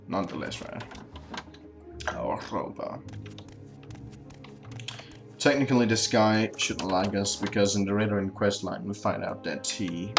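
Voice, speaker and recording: A man's voice: lowish voice, fairly even intonation, brisk, few pauses, music in the background. Joking young man narrating his gameplay. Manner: joking, reads in-game dialogue aloud in character. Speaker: let's play host. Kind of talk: casual game commentary with read-aloud dialogue.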